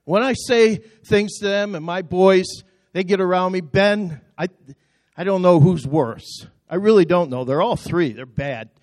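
A middle-aged man preaching with a high, ringing voice. He drives his sermon with passion and calls the congregation to answer him back. The sound is close and dry. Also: unhurried, no room sound. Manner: impassioned, building to shouted call-and-response. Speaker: pastor. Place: church auditorium.

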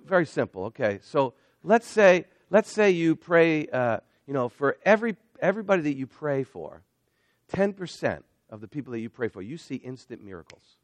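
Middle-aged male preacher, fired-up sermon delivery, a touch high-pitched, dry recording. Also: moderate pace, dry recording. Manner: excitable, builds to near-shouting. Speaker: missionary preacher. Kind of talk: energetic sermon.

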